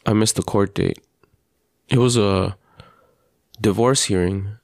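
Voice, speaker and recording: A father hosting a podcast, telling his story in an earnest, halting personal monologue with frequent restarts. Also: fairly low pitch, steady tone, gravelly, darkish tone, dry recording, studio quality. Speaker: podcast host.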